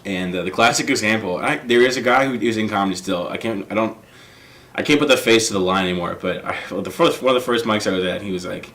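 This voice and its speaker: A man's voice: lowish voice, fairly quick, background noise. A young man, a stand-up comedian, chatting casually on a podcast, acting out quotes and laughing often.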